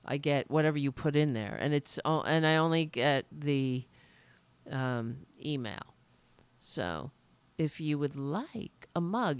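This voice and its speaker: Female streamer-host, low and gravelly, slow, unhurried delivery with big pitch swings; rambling, effusive, swears casually; dry close sound. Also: no room sound. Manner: rambling, effusive thanks to viewers; swearing, self-interrupting. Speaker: political talk show host. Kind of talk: casual livestream chat.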